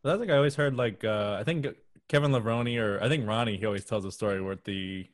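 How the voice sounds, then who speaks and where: Quick low-voiced man in casual chat.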